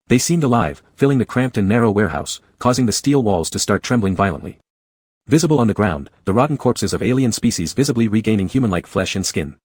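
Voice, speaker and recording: A man narrating a story in a steady, scripted reading style. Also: fairly low pitch, no room sound. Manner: steady, fast-paced reading.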